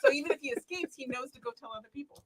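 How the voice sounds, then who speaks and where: A woman playing a tabletop game, talking excitedly and giggling. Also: high voice, racing. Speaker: player. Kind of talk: casual chat at a game table. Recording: loud background noise.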